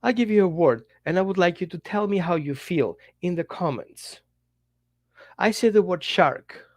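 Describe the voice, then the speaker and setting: A man dog trainer giving an animated teaching talk straight to the viewer, in slightly non-native English, acting out little quotes as he goes. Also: high voice, normal speed, dry recording. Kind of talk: direct-to-camera teaching talk.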